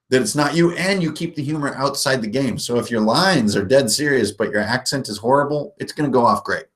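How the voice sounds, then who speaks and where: A man's voice: medium pitch, animated, a little fast. A man in his forties hosting a live stream, chatting casually and rambling with jokes and self-mocking laughs. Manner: rambling, jokey, often laughing at himself. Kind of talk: casual live chat about tabletop gaming.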